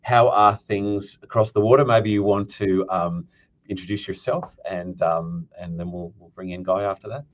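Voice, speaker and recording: A man's voice: low voice, fairly even intonation, normal speed, lo-fi sound. A man with an Australian accent hosting a live business chat, friendly and a little rambling over a video call. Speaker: host. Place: Seattle.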